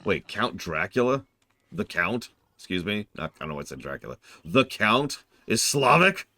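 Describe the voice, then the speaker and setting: A man's voice: on the low side, very animated, normal speed, sharp tone, dry recording. A man streaming a game, making jokey, self-deprecating asides in casual commentary.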